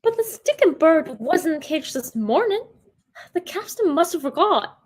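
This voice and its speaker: A woman playing a surly male pirate crewman in a student stage play, with gruff pirate talk. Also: very high voice, very animated, a little slow, full character voice.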